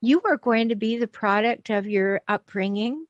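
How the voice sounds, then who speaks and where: A woman's voice: on the high side, moderate pace, no room sound, muffled recording. A woman relationship expert being interviewed, explaining animatedly and acting out quoted voices.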